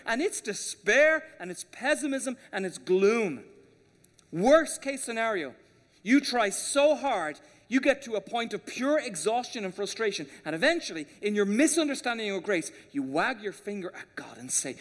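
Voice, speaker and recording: A high-pitched man delivers an impassioned sermon in a big church sanctuary, his voice trailing off into long reverb. He preaches with fervor, dropping low and soft, then pushing hard on key words. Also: sing-song, moderate pace. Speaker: pastor. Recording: long reverb of a large hall.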